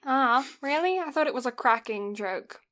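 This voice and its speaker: A woman co-hosting a podcast recaps an anime in a casual, rambling way, giggling often and slipping in puns. Her voice sits high, expressive and a bit bright, at a moderate pace.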